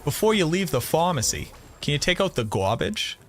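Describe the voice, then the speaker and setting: A man voicing a gruff male coworker with a thick Brooklyn accent, blunt and insistent, in a higher voice than his own. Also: big pitch swings, moderate pace, fairly bright tone, soft background music.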